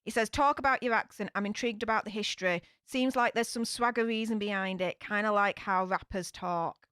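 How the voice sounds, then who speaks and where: A woman's voice: medium pitch, brisk, fairly bright tone, smooth, dry recording, clean studio sound. A young woman with a broad Yorkshire accent, chatting frankly to her live-stream audience with lots of fillers and sighs. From Yorkshire, England. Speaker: YouTube streamer. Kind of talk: casual live-stream chat.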